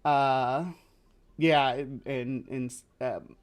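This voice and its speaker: A man with a lower Midwestern accent hosts a show, giving casual commentary as he reacts to a video, rambling with many fillers and restarts. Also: level tone, very slow. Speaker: host.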